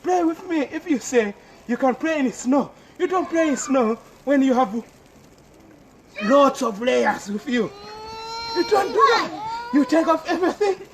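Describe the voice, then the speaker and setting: A man vlogging outdoors in the snow, playful and laughing, often shouting and repeating himself. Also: extremely high pitch, expressive, unhurried. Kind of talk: excited outdoor vlog. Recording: loud outdoor noise. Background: loud noise.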